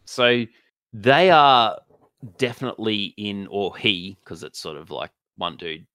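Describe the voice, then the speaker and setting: Low, bright man rambling. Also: a little slow, clean tone, dry recording, clean studio sound. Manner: rambling, hesitant, many fillers and restarts. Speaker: podcast co-host. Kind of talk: casual chat.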